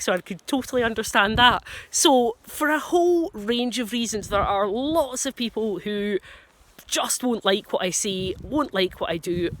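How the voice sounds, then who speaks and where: A Scottish woman who trains dogs, speaking to camera in a relaxed, candid way. She gives plain-spoken advice and pokes fun at herself in passing. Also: medium pitch, no room sound. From Scotland. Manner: frank, plain-spoken, self-deprecating. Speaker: dog trainer. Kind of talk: casual advice talk to camera.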